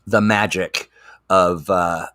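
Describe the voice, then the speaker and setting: A man's voice: sits low, steady tone, slow pace, bright, forceful tone, no room sound, studio quality. A man hosting a casual live stream, chatty and laughing often.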